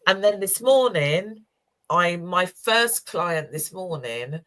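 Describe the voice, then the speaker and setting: Her voice is fairly low and animated, and she speaks slowly. She's a co-host in her sixties on a community chat program, chatting casually and telling personal stories with warmth, emotion, and laughter.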